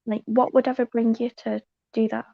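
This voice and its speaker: A woman from England with a Liverpool accent, a guest on a livestream, talking earnestly and deliberately slowed down. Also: a little high, level tone, gravelly, no room sound, dull audio. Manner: earnest, slowed-down, speaks up brightly. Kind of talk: casual livestream chat.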